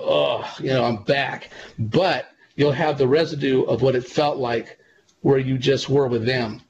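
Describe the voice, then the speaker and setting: Speaking with a mid-range, slightly mellow voice, a male psychic medium rambles earnestly through long stories during a casual interview, often using fillers and restarting sentences. The audio is dull lo-fi with noticeable background noise.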